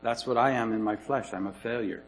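A man's voice: mid-range voice, fairly even intonation, a little fast, a little hiss or hum, rough recording. A man preaching a sermon in an earnest, emphatic way, repeating his key points.

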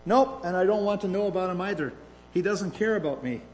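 A man's voice: high-pitched, a little fast, voice pushed up, close to an everyday voice. A man reading the lines of a lonely, bitter old woman in a rest home, speaking bluntly. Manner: blunt, plainspoken complaints. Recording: reverberant hall.

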